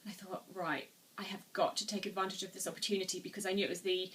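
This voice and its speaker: A woman's voice: fairly low pitch, little pitch movement, fast, a bit bright, recorded from a distance. A woman in her twenties telling a personal story to camera at home, earnest and rambling with many restarts. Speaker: vlogger. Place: room at home, seated.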